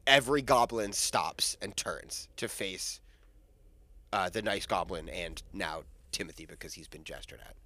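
A man narrating an improvised scene in a quick, offhand way. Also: low-pitched, sharp tone.

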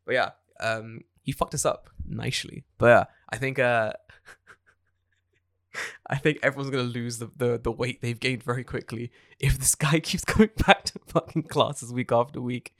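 A man's voice: mid-range voice, normal speed, dry recording, clean studio sound. A young adult man hosting a podcast, telling stories in casual chat with lots of swearing and acted-out quotes. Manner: animated, swearing storyteller who acts out quotes. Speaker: podcast host.

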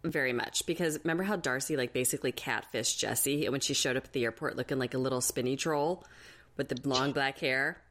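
Low-voiced sarcastic woman podcast host. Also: a little fast. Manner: animated, sarcastic, dramatic retellings. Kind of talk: casual TV recap chat.

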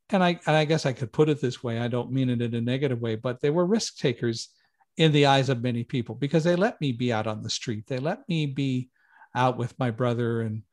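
A middle-aged man telling a personal story as an interview guest, lively, acting out quoted lines with raised voice. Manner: animated, raises pitch and volume for quoted lines. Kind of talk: conversational storytelling.

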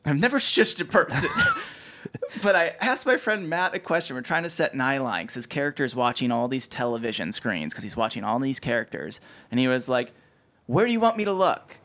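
A young man co-hosting a podcast, telling a story with animated delivery and frequent laughter. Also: mid-range voice, a little fast. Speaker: podcast co-host. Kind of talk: casual chat.

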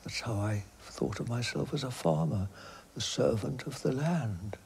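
An older man giving reflective interview answers, halting and hesitant with many restarts, often dropping to a soft, near-whispered delivery. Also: mid-range voice, expressive, gravelly, slight background noise.

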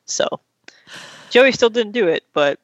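Recapping a TV episode in a casual chat, a woman with a voice on the high side speaks in an animated but unhurried way, performing the quoted lines as she retells the story. The audio is dry, dull, and a little lo-fi.

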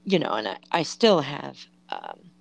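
Slow, low-voiced woman, halting speech. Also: huge pitch swings, vocal fry, no echo, poor audio. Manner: halting, many ums and you-knows. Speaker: podcast co-host. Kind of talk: casual chat.

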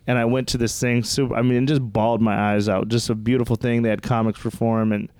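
A man's voice: mid-range voice, fairly quick, clear, resonant tone, no echo, studio quality. A man, a comedian, telling a story in a casual podcast chat and acting out the people he quotes. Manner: animated storyteller, acts out quotes in raised voice. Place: podcast studio.

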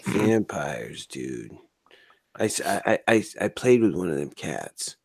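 Slow drawling low-voiced man. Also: big pitch swings, gravelly, darkish tone, husky, no echo, studio quality. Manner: drawling, tacks "man" and "dude" onto lines. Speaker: podcast co-host. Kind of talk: casual stoned banter.

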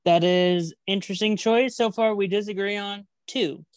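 A woman's voice: mid-range voice, steady tone, moderate pace, clear, resonant tone, no echo. A woman co-hosting a casual podcast, chatty and playfully competitive, rambling as she makes her predictions. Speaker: podcast co-host making match predictions. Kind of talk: casual chat.

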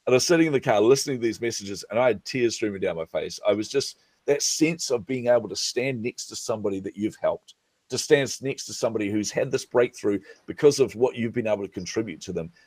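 Chatting casually on a podcast, the middle-aged business coach is an animated storyteller who voices the quoted dialogue himself. He talks fast at a fairly low pitch on a dry recording.

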